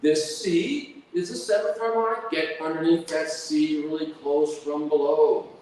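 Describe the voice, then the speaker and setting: A man lectures on music at a slow, deliberate pace, often humming phrases on da syllables to show a point. His voice sits fairly high for a man and is heard from a distance. A long, echoing hall reverb surrounds it. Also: steady tone, darkish tone, slight background noise. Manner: hums and sings melodies with da-da syllables. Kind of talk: academic lecture with sung examples. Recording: echoey hall from far off.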